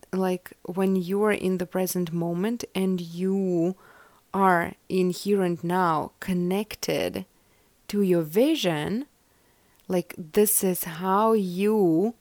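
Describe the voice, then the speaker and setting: Slow, soft-spoken woman podcast host. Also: lowish voice, no room sound. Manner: meandering, many "like" fillers. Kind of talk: casual chat and collective tarot reading.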